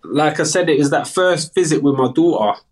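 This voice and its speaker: A man's voice: on the high side, lively intonation, brisk. Candid South London man in his thirties. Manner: earnest, candid, chatty. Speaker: guest. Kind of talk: casual interview chat.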